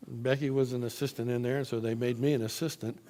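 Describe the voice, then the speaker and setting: A man from Florida telling his personal testimony in church, in an animated, emphatic storytelling manner. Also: mid-range voice, fast talker.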